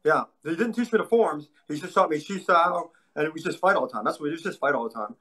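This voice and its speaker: A man being interviewed, a martial arts instructor telling stories in an animated way with a casual manner. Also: fairly high pitch, quick pace, breathy edge. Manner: animated storyteller, acts out voices in anecdotes.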